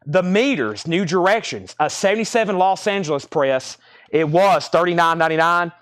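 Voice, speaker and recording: A man hosting a live record sale stream, briskly calling out titles and prices, slightly out of breath. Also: high voice, animated, a bit bright, no room sound, studio quality. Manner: brisk auctioneer-style patter, calling out prices.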